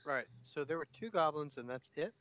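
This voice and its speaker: A man playing a tabletop game who speaks casually and hesitantly, often pausing on fillers. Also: fairly high pitch, expressive, a bit bright, slight background noise. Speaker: player.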